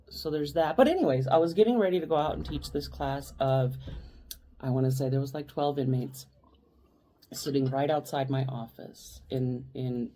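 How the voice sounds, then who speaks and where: A woman's voice: a bass voice, dark tone, a little hiss or hum. Rambling woman telling a story. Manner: rambling, with frequent restarts and asides. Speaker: podcast co-host. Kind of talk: casual storytelling chat.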